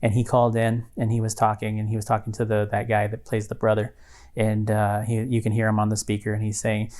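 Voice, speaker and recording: Low, flat-voiced man telling a story. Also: fairly quick. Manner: rambling storyteller with many fillers and restarts. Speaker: podcast co-host. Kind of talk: casual chat.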